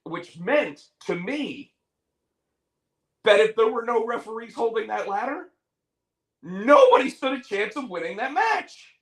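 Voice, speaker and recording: A man's voice: very high-pitched, very animated, measured pace, pauses often, a bit bright. A man hosting a podcast in casual chat, rambling animatedly and restarting his sentences. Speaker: podcast host. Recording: echoey room.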